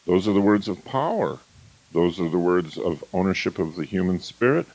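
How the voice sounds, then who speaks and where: A man's voice: low-pitched, expressive, moderate pace, a little mellow, dry recording, rough recording. A man giving a motivational lecture, acting out quoted phrases in contrasting tones. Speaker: motivational speaker.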